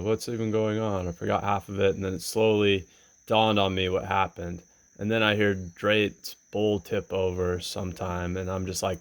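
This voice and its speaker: A man's voice: sits low, no room sound. A man in casual chat, retelling events plainly and matter-of-factly. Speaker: podcast co-host.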